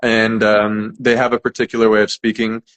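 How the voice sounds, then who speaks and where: An American man with a General American accent, an English teacher chatting casually in an interview, relaxed and talkative with frequent fillers and restarts. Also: fairly low pitch, moderate pace. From United States. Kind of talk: casual conversation.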